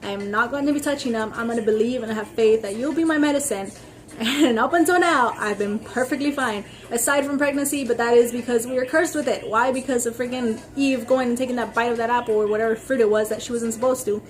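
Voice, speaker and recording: A woman's voice: on the high side, quick pace. A young woman ranting casually to her camera as a vlogger, rambling with lots of "like" and "freaking" and acting out the other people in her stories. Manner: animated storytelling, acting out others' lines.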